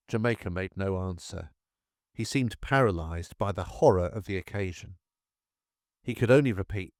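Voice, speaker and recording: A man narrating a First World War memoir in a measured, steady reading style. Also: low voice, no room sound, clean studio sound.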